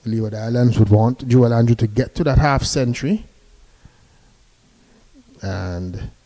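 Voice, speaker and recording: A male cricket commentator with a mellow, warm tone and a middling pitch. He talks in a chatty, easygoing way, calling the play and sending good-morning greetings to listeners between deliveries. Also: a little slow.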